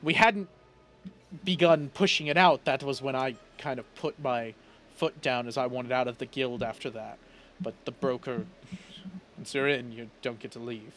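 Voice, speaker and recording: Man as a mid-pitched weary tattoo artist, earnest, hurried, tabletop game. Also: fairly bright tone, lightly acted. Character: weary male tattoo artist fleeing a guild.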